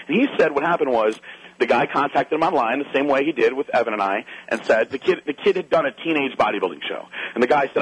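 A man casually telling a wild anecdote, animated and swearing, acting out other people's lines. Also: mid-range voice, fast talker, husky, poor audio.

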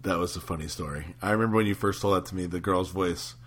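A man co-hosting a casual podcast, easygoing, often laughing along and pausing on fillers. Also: low-pitched, fairly bright tone, slightly rough. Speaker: podcast co-host.

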